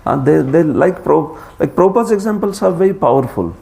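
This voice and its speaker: A man with an Indian accent giving a scripture class lecture, lively, laughing often and putting questions to his students. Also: on the high side, fast talker, gravelly. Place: class streamed live.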